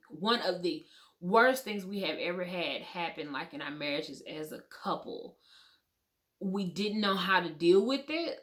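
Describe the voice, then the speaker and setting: A woman's voice: fairly low pitch, a bit bright. A woman, in her thirties, telling a personal story to viewers in a candid, conversational way, calling them y'all and swearing freely. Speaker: vlogger. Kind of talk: emotional storytime to camera.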